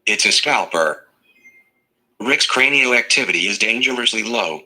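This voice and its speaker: This is a synthetic male voice that reads viewer messages aloud. It keeps a flat, evenly paced machine delivery. The tone sits a little low and sounds very bright and sharp. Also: moderate pace, poor audio. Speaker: text-to-speech reader of viewer messages.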